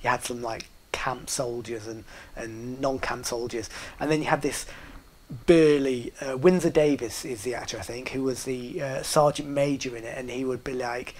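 A man's voice: mid-range voice, steady tone, moderate pace, darkish tone. A middle-aged man with a northern English accent telling a funny family story in a casual, rambling way, full of fillers and restarts, laughing at his own jokes.

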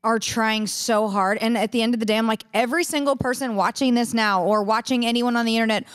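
A pregnant woman chatting casually, enthusiastic and quick to interrupt herself. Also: a little high, clean tone. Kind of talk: casual chat.

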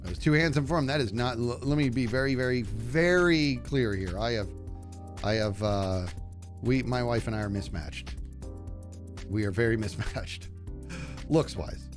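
A man's voice: mid-range voice, normal speed, soft background music. A middle-aged man streaming live, telling rambling, self-deprecating stories to his chat in a casual way.

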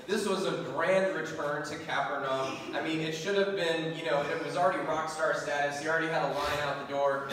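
A man's voice: on the high side, fairly quick, hardly any pauses, slight background noise. Guy preaching a sermon, super echoey church hall, mic kinda far off. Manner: animated storytelling with laughs and scripture reading. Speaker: pastor. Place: church sanctuary.

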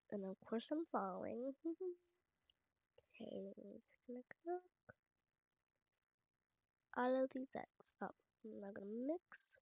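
High-voiced chatty woman with vocal fry. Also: a little mellow, no room sound. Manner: chatty, rambling, talks aloud as she plays. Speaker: channel host. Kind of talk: casual narrated game story. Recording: dull lo-fi home mic, dry. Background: family noise in the home.

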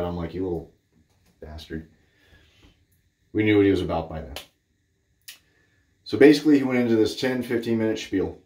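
Here a shaving vlogger from Cape Cod, Massachusetts offers a blunt, rambling, candid review of a shaving product, chatting casually from his bathroom. His voice is low with a darkish tone, and the space gives off a roomy echo.

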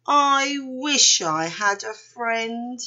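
A woman's voice: fairly low pitch, slow pace, slightly rough, lo-fi sound, exaggerated voice. A woman voicing a lonely, eager young male panda in a picture book she reads aloud to children. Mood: wistful. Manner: wishful, bursting into excitement.

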